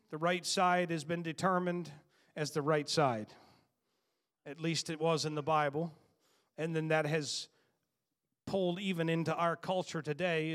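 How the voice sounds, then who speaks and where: A male preacher with a somewhat high voice delivers a sermon. He moves from scripture reading and prayer into emphatic, rising bursts. Along the way he teases his listeners with playful jabs. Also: fairly bright tone.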